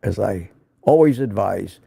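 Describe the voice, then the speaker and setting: A man's voice: on the low side, animated, measured pace, vocal fry, dark tone, slightly rough, no echo, clean studio sound. An older man hosting a casual live stream, rambling and joking while recovering from an illness. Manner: joking, rambling, reads viewer comments aloud.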